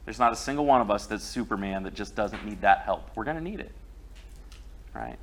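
A man's voice: fairly low pitch, animated, a little fast, fairly bright tone. A middle-aged man preaching a sermon, telling a personal story in a conversational way.

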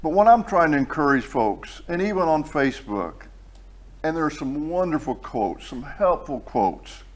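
A man preaching a sermon to his congregation, moving from quiet, conversational asides to slow, loud, emphatic declarations. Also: on the high side, sing-song.

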